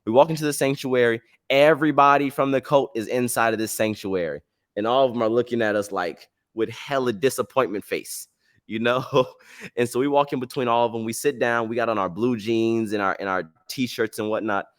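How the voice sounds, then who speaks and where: A man hosting a casual storytelling podcast, telling a travel tale in a slangy, rambling, animated way. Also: mid-range voice, brisk, dry recording, studio quality. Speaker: podcast host.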